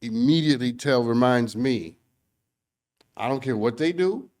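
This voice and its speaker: A man co-hosting a casual talk show, speaking in a measured, earnest way and slowing to stress points. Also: mid-range voice, animated, a little mellow. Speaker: co-host. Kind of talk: casual chat.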